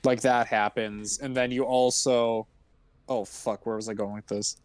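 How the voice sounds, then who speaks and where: A man's voice: mid-range voice, level tone, unhurried, clear, resonant tone, no echo. A man co-hosting a movie podcast in casual chat, rambling through plot recaps and filling gaps with "you know" while laughing often. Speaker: podcast co-host.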